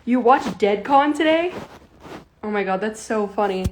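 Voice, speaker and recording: A giggly young woman in her early twenties, chatting loosely to viewers on a phone livestream from home. Her voice sits at an ordinary middle pitch, and she rambles from one aside to the next. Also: lively intonation, a little slow, slight background noise. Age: early 20s. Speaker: livestream host. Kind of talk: casual livestream chat. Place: at home with a kitten.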